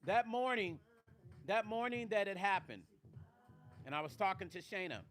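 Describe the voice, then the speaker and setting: A man's voice: high-pitched, animated, normal speed, a bit bright, soft background music. A middle-aged man hosting his own live stream, emotional and close to tears, speaking emphatically and directly to his viewers. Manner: tearful, emphatic, addresses viewers directly, swears. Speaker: vlog host.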